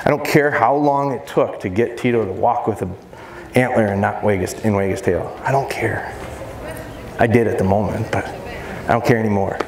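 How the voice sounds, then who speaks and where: A male dog trainer giving a live seminar talk in an animated, jokey, hands-on way. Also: lowish voice, normal speed. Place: expo seminar hall. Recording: echoey hall, faint background noise.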